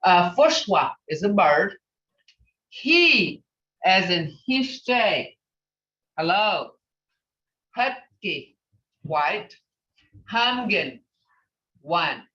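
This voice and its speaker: Slow, bright-voiced woman teaching a class. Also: fairly low pitch, far from the mic. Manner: patient, sounds out each word slowly and repeats it. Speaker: language teacher. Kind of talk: teaching a beginner language class. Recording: echoey, dull lo-fi class recording.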